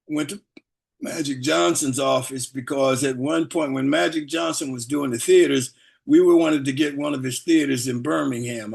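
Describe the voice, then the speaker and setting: An older man, a guest speaker, tells stories to a group in a relaxed, rambling way and chuckles often. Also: medium pitch, creaky. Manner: relaxed, rambling delivery with fillers. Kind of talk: storytelling anecdotes to a group.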